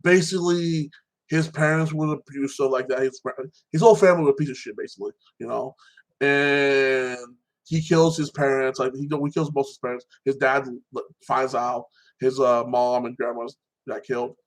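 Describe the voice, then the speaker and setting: A man's voice: medium pitch, fairly even intonation, normal speed, low-quality recording. A man talking alone in a casual, rambling recap of a movie, full of fillers and restarts, swearing freely. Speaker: vlogger.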